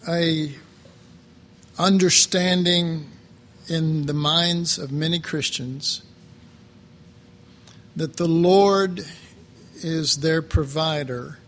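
A man preaching a sermon slowly and reflectively, pausing often and restarting his phrases. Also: a little high, steady tone, fairly bright tone. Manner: slow, halting, reflective, with many pauses and fillers.

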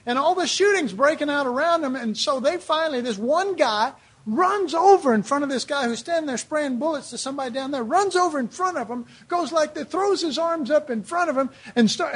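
A man's voice: very high-pitched, slightly rough. A man preaching a sermon in a loose, conversational way, with lots of rhetorical questions and "you know"s.

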